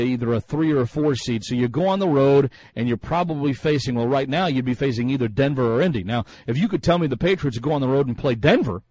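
A man's voice: mid-range voice, dry recording, poor audio. A man hosting a sports talk radio show, musing in a chatty way with many fillers and restarts.

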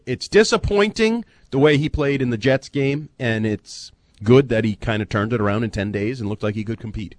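A man's voice: medium pitch, normal speed, dry recording. A man co-hosting a sports talk radio show, giving blunt, joking opinions.

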